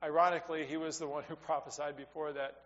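A man giving a sermon as a pastor, talking conversationally, rising for emphasis and dropping to quiet asides. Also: a little high, level tone, quick pace. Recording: dull sound with long reverb in a hall.

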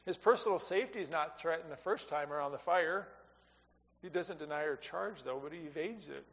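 A man giving a sermon as a pastor, talking conversationally, rising for emphasis and dropping to quiet asides. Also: a little high, brisk. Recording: dull sound with long reverb in a hall.

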